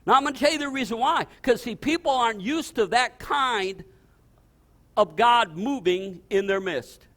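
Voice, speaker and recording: Preaching a sermon built around stories, an older male pastor speaks animatedly, full of restarts and climbing exclamations. His voice is extremely high in pitch, though his speed is normal.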